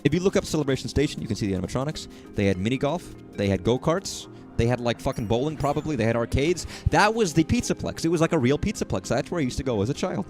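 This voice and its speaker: A man's voice: mid-range voice, animated, fast, few pauses, darkish tone, soft background music. A man from Texas streaming, rambling casually, joking and swearing as he talks.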